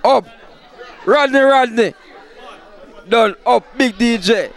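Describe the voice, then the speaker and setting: A man's voice: very high-pitched, slow pace, a faint crowd. Jamaican man hyping his party. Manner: loud hype shout-outs in patois. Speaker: party promoter interviewing guests. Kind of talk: shouting out guests at a party.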